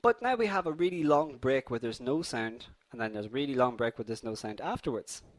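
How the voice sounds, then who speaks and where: An upbeat young man running a live online coding class, his pitch bouncing up and down as he chats to viewers. A slight cold gives his voice a faintly stuffy edge, but he keeps the friendly, conversational flow going. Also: lively intonation, fairly quick. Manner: upbeat and chatty, addresses viewers as guys. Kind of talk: live online tutorial with viewer poll and questions.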